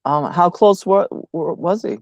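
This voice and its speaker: A man's voice: high-pitched, measured pace, a little mellow, lo-fi sound. An older man co-hosting a casual chat, answering with short reactions and dry jokes. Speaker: co-host.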